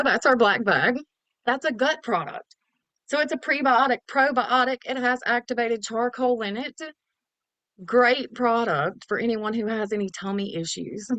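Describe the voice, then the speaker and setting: A woman's voice: fairly high pitch, fairly bright tone, no echo. A woman giving a chatty, casual product overview as a wellness promoter. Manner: chatty, salesy, casual slang.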